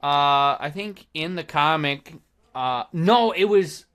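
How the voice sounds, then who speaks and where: A man's voice: on the high side, lively intonation, slow pace, a bit bright. A man hosting a podcast in casual chat, rambling and often trailing off to restart his thought. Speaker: podcast host.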